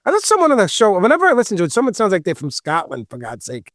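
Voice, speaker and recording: A man with a Long Island New York accent and a loud, distinctive voice, joking and chatting as a podcast host. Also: high voice, racing, dry recording, studio quality. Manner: animated, joking, talkative. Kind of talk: casual podcast chat.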